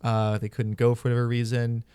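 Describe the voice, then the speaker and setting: A man's voice: mid-range voice, monotone, fairly quick, warm tone, clear, resonant tone, no echo. A man hosting a podcast, telling stories in casual, candid and profane chat. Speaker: podcast host.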